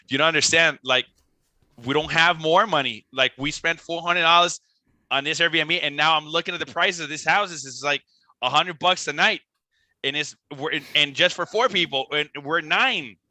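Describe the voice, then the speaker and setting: A young man with a very bright, forceful voice tells a rambling tour story, animated and full of filler words and restarts. His voice sits a little high for a man and sounds dry and close to the mic, with no room around it. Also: moderate pace, no room sound. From Costa Rica. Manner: animated, swearing, lots of "like" and restarts. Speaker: band member, podcast guest. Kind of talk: casual storytelling.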